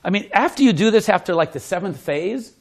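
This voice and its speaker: A man with a high, very lively voice tells magic stories and jokes to a small indoor audience. He laughs as he talks and loudly acts out what people said, then demonstrates a trick. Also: brisk, gravelly. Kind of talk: animated storytelling with demonstration.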